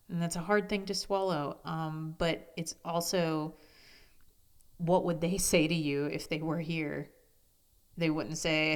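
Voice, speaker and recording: A woman hosting a personal podcast, talking candidly with frank, self-deprecating humor, casual swearing and soft asides. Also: sits low, measured pace, creaky, long pauses. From United States. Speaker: podcast host.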